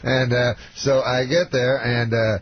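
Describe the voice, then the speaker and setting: A man, a comedian guest on a radio show, telling long rambling anecdotes in a deadpan way. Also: medium pitch, a little slow. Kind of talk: radio talk-show storytelling. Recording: dull lo-fi radio broadcast with faint hiss.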